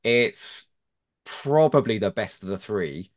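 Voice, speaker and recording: A man talks in a casual podcast chat, eagerly making his case and opinionated throughout. His voice sits on the low side. Its pitch swings widely as he gets animated. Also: takes it slowly. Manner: opinionated, enthusiastic arguing. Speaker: podcast guest.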